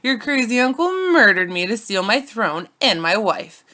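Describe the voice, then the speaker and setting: A woman's voice: mid-range voice, expressive, moderate pace, pushed and bright. A woman voicing a goofy, vengeful ghost king in a storybook retelling, blunt and flippant.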